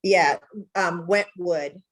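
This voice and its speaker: A woman with a very low voice answers her instructor casually. She sounds a little hesitant and halting. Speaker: real estate agent in a class.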